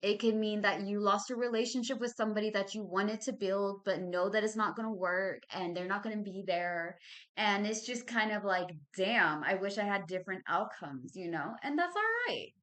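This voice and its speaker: Woman, Texas Southern accent, thirties, tarot reader, slangy casual chat, crisp bright tone. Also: mid-range voice, normal speed. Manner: chatty and slangy, addresses viewers as babies and y'all. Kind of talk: casual monthly card reading.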